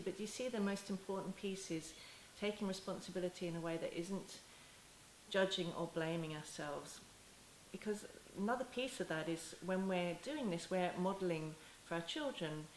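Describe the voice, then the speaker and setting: A woman with a lowish voice explains parenting in a gentle, unhurried way, often breaking off and restarting her sentences. She slips into soft, tender lines as if speaking to a child. The room is echoey, with a faint hiss under her voice. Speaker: parenting educator. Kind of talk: talking-head teaching video.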